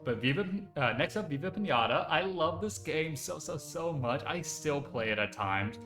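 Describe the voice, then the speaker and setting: A man streaming live, chatting casually and excitedly, rambling with lots of fillers. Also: a little high, moderate pace. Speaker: VTuber streamer. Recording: echoey room with faint music behind.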